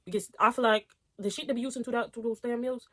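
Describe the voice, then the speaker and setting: Young woman reading stories and reacting, kinda high voice, gets fired up and swears a lot. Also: fast talker. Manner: animated, outspoken, swears, gets heated. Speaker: storytime reactor. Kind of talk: reading and reacting to online posts.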